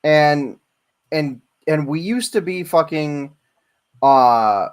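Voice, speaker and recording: A man's voice: a little high, expressive, slow pace, clear, resonant tone. A man in his forties co-hosting a casual chat, rambling and hesitant, with many fillers. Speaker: podcast co-host.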